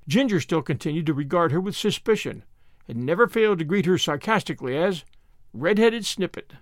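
Expressive male audiobook narrator. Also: a little high, no room sound, studio quality. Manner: expressive, measured storytelling. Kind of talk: audiobook reading of a classic novel.

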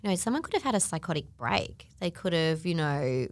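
A woman's voice: lowish voice, brisk. A woman chatting casually on a podcast, telling a long story and acting out the people she quotes, with lots of "like". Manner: animated, acts out quoted voices, frequent "like".

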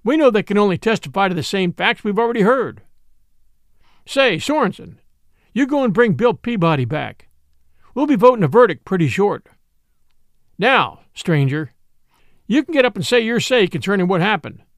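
Man doing a blustering frontier judge, commanding, folksy, gravelly, dry. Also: high voice, big pitch swings, normal speed, pauses often, no echo, voice pushed up. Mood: domineering. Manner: loud, commanding, folksy drawl.

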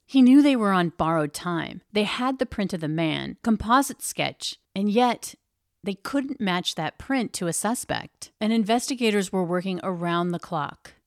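A woman narrating a true-crime story in a steady, grave storytelling manner. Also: medium pitch, no echo, clean studio sound. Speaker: podcast narrator.

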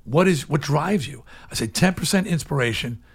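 Man, 60s, interview guest, fairly high voice, candid storytelling, loud emphatic bursts, hushed asides. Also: normal speed, gravelly, slightly rough. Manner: animated, swings from loud emphatic outbursts to low hushed asides.

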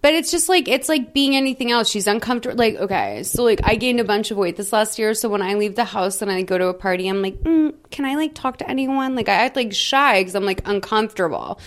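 A woman's voice: mid-range voice, fast talker, hardly any pauses. Woman podcast host chatting about a movie, blunt, swears a lot, acts out lines. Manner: candid, swears freely, acts out quotes. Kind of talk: casual chat recapping a film.

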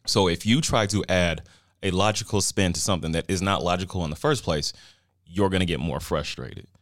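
A man in a casual chat, talking in a measured, reasoning way as he explains his view. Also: deep voice, a bit bright, no echo, studio quality.

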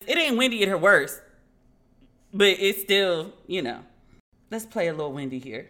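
A woman hosts a casual pop-culture podcast, riffing on the news with salty, quick asides. Her voice is bright and forward. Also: mid-range voice, big pitch swings. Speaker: podcast host.

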